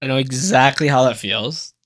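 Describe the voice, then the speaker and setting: A young man co-hosting a podcast, talking in a laid-back casual way, swearing freely and trailing off into low mumbles. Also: normal speed, a bit bright. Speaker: podcast co-host. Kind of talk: casual chat.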